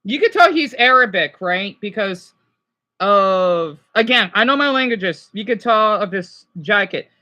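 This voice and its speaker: A male streamer talks through a rambling reaction session in a bright, sharp-edged voice. He stammers, restarts his thoughts and apologizes again and again. Underneath it all he sounds stressed and overwhelmed. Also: sits high, animated, a little slow. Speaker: livestreamer. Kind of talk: rambling livestream reaction commentary.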